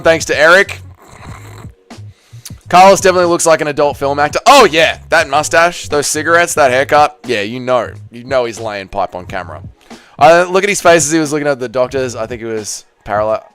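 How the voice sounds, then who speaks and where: A young man chatting casually on a live stream with a smooth, clear voice, swearing freely as he banters with viewers. Faint music plays softly behind him. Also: medium pitch. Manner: casual, profane, banter with chat. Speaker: streamer hosting a watch party. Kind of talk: casual live-stream chat reading comments.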